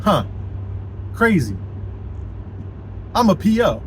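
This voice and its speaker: A man's voice: high-pitched, big pitch swings, slow, slight background noise, pitched above the performer's own voice, full character voice. A man voicing an angry male probation officer with a brusque, swearing street manner, quoting him in a story. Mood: scornful.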